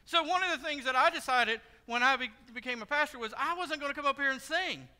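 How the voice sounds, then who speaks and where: A pastor giving a sermon in a church, telling stories in a conversational, joking way. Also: male voice, extremely high pitch, fast talker, bright, forceful tone. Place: church sanctuary. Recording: long hall reverb.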